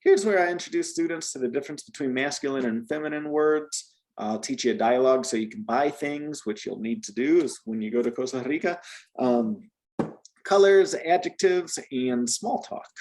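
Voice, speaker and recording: An American man with a medium-pitched, somewhat dark voice speaks at normal speed. He's teaching a beginner Spanish lesson one-on-one, explaining patiently and restarting often.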